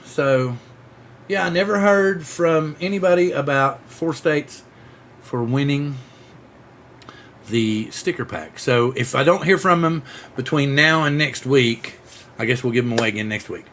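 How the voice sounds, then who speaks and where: Man, gravelly voice, pitched a bit high, excitable rambling host, casual live-stream chat. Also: a little slow, a little hiss or hum. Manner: excitable, acts out sound effects, rambling restarts. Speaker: drone show host.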